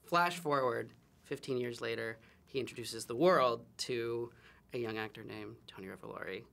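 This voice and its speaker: Man, interviewer, casual, mid-pitched, press junket. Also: normal speed, creaky, fairly bright tone. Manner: casual, uses "like" often.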